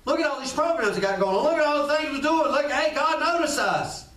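Brisk and expressive, a man preaches as pastor in a very high-pitched, slightly bright voice. He repeats phrases and talks right to his listeners in a conversational style, recorded from afar in an echoey space.

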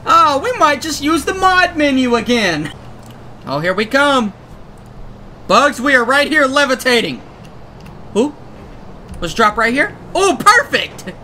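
A young man giving excitable gameplay commentary, often shouting and laughing as he plays. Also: very high voice, a little slow, long pauses, slight background noise. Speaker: gaming YouTuber.

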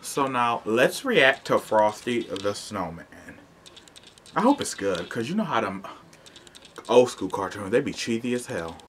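A man's voice: mid-range voice, sing-song, unhurried, a bit bright, a little hiss or hum. A man hosting a reaction video, making blunt, joking and profane asides in casual commentary. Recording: cartoon audio playing underneath. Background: cartoon music.

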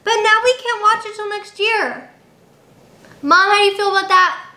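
A woman's voice: very high-pitched, moderate pace, bright, forceful tone. A young woman vlogging at home, chatting to the camera in a dramatic, giggly way. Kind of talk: casual chat to camera. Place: indoors at home. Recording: roomy home recording.

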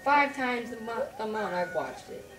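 A woman's voice: on the high side, animated, fairly bright tone. Teasing woman in roomy gaming chat. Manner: teasing, quick quips. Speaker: co-host friend. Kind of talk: casual let's-play banter. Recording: roomy, distant, game music behind.

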